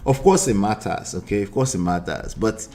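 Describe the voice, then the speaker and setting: A man's voice: lowish voice, normal speed. A man hosting a live stream, reacting to a video and picking apart every word with rhetorical questions. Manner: animated, picks apart words, rhetorical questions.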